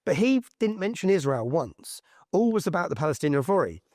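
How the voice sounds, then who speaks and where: Lively man telling a story. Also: fairly high pitch, fast, dry recording, studio quality. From England. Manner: lively, repeats himself, quotes people in his stories. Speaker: interview guest. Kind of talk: animated anecdotal storytelling.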